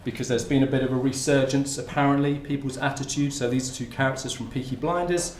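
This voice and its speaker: A man's voice: medium pitch, fairly even intonation, fast talker, slight background noise. A man giving a conference talk in a lecture room, in an informal, conversational way. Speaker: academic speaker. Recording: roomy lecture hall with faint ambience.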